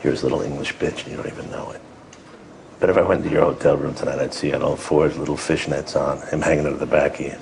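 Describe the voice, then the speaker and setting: A taunting American army general with a voice pitched at the very bottom and thick with gravel. He is slow, crude and threatening, and there is a faint hum behind him. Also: fairly even intonation, darkish tone. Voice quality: gravelly, very low. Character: menacing gruff American male army general. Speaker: film character in a clip.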